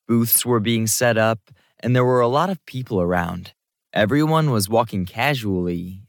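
A man narrating a romance novel in the first person, with steady, intimate storytelling. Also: on the low side, no room sound, studio quality. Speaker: audiobook narrator.

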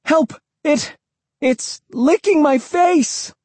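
A man voicing an excitable young boy who talks in an eager, pleading way. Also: fairly high pitch, moderate pace, husky, dry recording, pitched above the performer's own voice, heavily acted. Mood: startled.

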